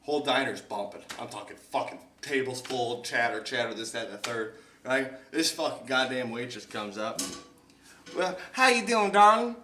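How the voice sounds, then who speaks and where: A man's voice: mid-range voice, normal speed, far from the mic, slight background noise. A young man hosting a podcast, telling a long profane story and acting out other people's voices as he goes. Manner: animated, profane storyteller who acts out other people's lines. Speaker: podcast host. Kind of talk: casual storytelling chat. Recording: echoey room, slightly off-mic.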